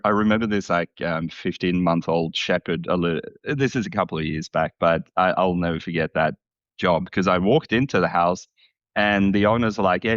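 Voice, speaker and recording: A man's voice: sits low, a bit bright, no room sound, lo-fi sound. A man hosting a podcast, easygoing and laughing along, swearing casually. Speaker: podcast host, dog trainer.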